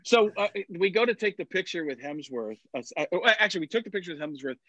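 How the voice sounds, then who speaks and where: A man's voice: high-pitched, lively intonation, fast, noisy background. A middle-aged man telling a long story in casual chat, with many restarts and fillers. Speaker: podcast guest. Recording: dull, lo-fi sound.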